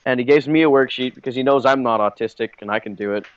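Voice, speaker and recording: A man's voice: mid-range voice, fast, smooth, dry recording, muffled recording. Rambling profane man telling a story. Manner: rambling, profane, full of fillers. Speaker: podcast host. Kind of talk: casual comedic storytelling.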